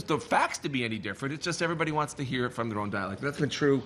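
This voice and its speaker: A man from Boston with a Boston accent, a board member speaking in a meeting, animated and full of restarts. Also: mid-range voice, very fast, slight background noise. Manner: animated, rambling, frequent restarts.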